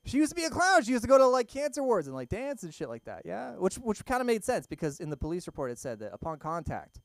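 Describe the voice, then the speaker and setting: A man's voice: high voice, sing-song, brisk, dry recording, clean studio sound. A young man doing an open-mic stand-up set in a small comedy club, rambling and self-deprecating, often laughing at his own jokes.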